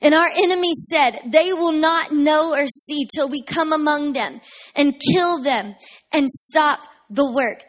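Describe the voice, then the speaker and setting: A woman pastor preaching a sermon with passion, building up to shouted declarations of faith. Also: sits high.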